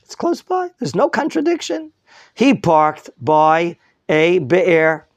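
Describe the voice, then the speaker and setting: A man teaching a Torah class with a somewhat high voice and a gravelly, fry-laced texture. He questions his students and corrects their reading as he goes. The sound is close and dry. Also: takes it slowly, no echo. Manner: lively teacher, quizzing students, mixing in Hebrew terms. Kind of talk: classroom Bible lesson.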